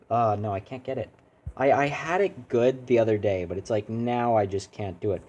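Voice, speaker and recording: His voice sits fairly low and a little mellow, moving at normal speed. In casual gaming stream chat, he rambles along and runs down his own efforts at voices in a self-deprecating way.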